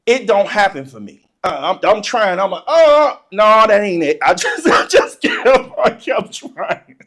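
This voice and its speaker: An animated storyteller telling a funny childhood story, laughing often and acting out the excitement in casual, informal speech. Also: medium pitch, measured pace, breathy edge. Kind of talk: comedic personal storytelling.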